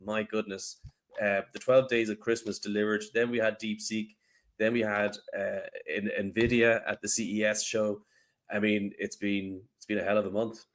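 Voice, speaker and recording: A man's voice: lowish voice, moderate pace. A man co-hosting a podcast, talking casually, sounding nasal and congested from a cold and often restarting his sentences. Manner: excitable, trails off and restarts often. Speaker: podcast co-host.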